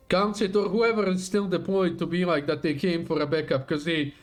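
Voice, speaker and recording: High-voiced excitable male streamer. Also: fairly quick, hardly any pauses, faint music behind. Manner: excitable, swearing reactions. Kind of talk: live game stream reactions.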